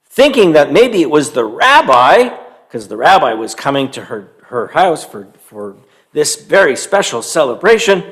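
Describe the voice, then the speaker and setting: A man telling a story to young children, animated and stopping to quiz them and have them join in. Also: on the high side, normal speed. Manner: animated, quizzes young listeners.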